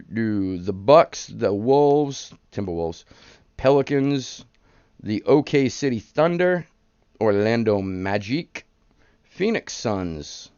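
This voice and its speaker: A man's voice: fairly low pitch, clear, resonant tone, no echo, lo-fi sound. A man in his thirties hosting a live card-breaking stream, chatting casually and hyping up the pulls. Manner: chatty, rambling, hypes up the pulls.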